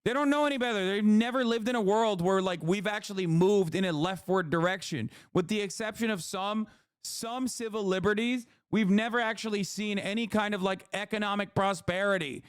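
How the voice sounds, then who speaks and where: A man's voice: high-pitched, moderate pace, clean tone, no echo, studio quality. A man doing profane, sarcastic political commentary, reacting to clips. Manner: heated, sarcastic, swears a lot.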